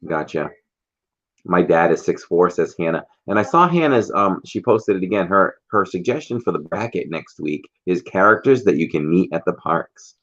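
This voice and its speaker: Low-voiced man hosting a livestream. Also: expressive, normal speed, a bit bright, highs cut off. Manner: reads out viewer comments and greets viewers by name. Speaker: livestream host. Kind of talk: casual livestream chat.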